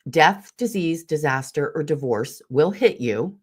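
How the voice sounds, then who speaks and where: A woman's voice: low voice, animated, unhurried, breathy edge. A middle-aged woman, a guest on a podcast, telling her personal story in an earnest, emphatic way with vivid detail. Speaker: intuitive mentor and podcast guest.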